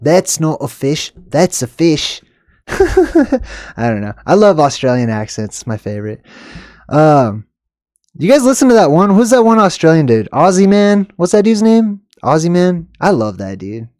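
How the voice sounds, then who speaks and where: A man's voice: on the high side, sing-song, normal speed, no echo, studio quality. A man hosting a video, casually talking over news clips in a rambling way, laughing and dropping into muttered asides. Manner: rambling, chuckling, swings from loud to muttered asides.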